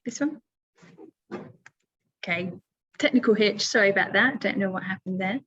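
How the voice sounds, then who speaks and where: A woman's voice: medium pitch, normal speed, fairly bright tone, breathy edge, muffled recording. A woman teaching English pronunciation in a webinar, patient and step by step, with many fillers. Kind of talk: webinar lesson.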